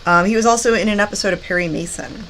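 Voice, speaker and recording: A woman's voice: mid-range voice, fast, gravelly, fairly bright tone, slight background noise, low-quality recording. A female horror movie host chatting and giggling while reading movie trivia. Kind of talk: live-stream chat with movie trivia.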